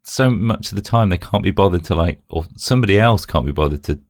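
Deep-voiced man rambling in tech chat. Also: expressive, fast talker, dry recording, clean studio sound. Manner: rambling, self-correcting. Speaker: podcast co-host.

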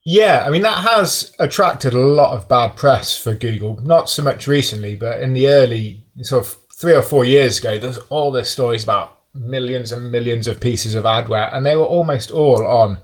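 A man's voice: mid-range voice, normal speed, few pauses. Male podcast host, casual tech talk, thinks aloud with lots of ums. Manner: thoughtful, hesitant with many ums.

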